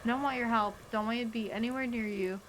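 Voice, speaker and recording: A woman's voice: a little high, steady tone, quick pace, a little hiss or hum, lightly acted. A woman voicing a wary mother who speaks sharply and defensively.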